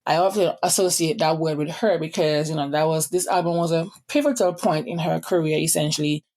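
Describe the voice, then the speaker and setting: A young woman from the Caribbean with a Caribbean accent, hosting a motivational podcast and talking fast with quick asides. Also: deep voice, a little mellow. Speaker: podcast host.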